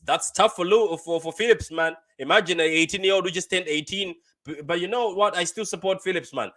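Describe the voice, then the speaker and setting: A young man hosting a casual live football reaction stream, chatty and quick to laugh, reading viewer comments aloud and repeating his phrases. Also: sits high, bright, forceful tone. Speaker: fan channel host.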